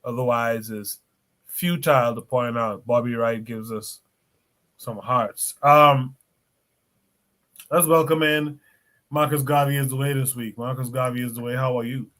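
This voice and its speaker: A man's voice: mid-range voice, fairly even intonation, fairly bright tone. A man hosting a call-in podcast livestream, reading the chat aloud and welcoming callers. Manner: measured, reads the chat aloud. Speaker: podcast host.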